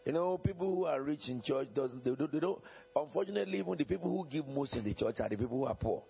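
A pastor with a slightly high, gravelly voice preaches fast and expressively in a sermon with Bible reading. He repeats himself emphatically, often chuckles, and checks in with the congregation, all on a dull lo-fi recording.

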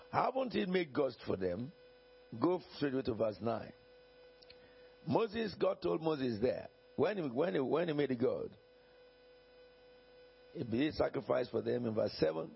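A man's voice: mid-range voice, big pitch swings, measured pace, creaky, pauses often, a little hiss or hum. A man preaching a sermon as pastor, emphatic and repetitive, often chuckling and checking in with the congregation. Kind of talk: sermon with Bible reading. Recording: dull lo-fi recording.

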